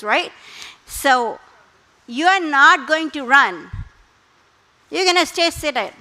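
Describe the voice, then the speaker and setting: A middle-aged woman, a therapist, speaking as a guest speaker on parenting, calm and instructive. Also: high voice, poor audio. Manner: calm, instructive, with acted quotes. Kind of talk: parenting talk.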